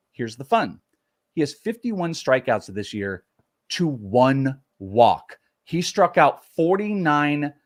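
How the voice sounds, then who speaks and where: A man's voice: medium pitch, no room sound, clean studio sound. A man co-hosting a live fantasy baseball show, leaning hard on key numbers as he reads out prospect stats. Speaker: co-host, prospect analyst.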